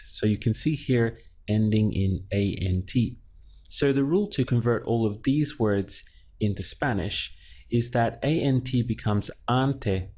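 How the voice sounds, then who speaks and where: In a slow, clear language lesson, a man patiently splits words into syllables and says them again. His voice is mid-range and slightly mellow.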